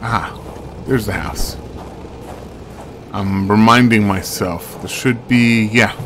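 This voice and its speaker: A man's voice: on the low side, steady tone, takes it slowly, noisy background. A man chatting casually as he plays a video game, with joking asides. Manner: chatty, self-mocking asides. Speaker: game streamer. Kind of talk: casual let's-play commentary. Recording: game music behind the voice.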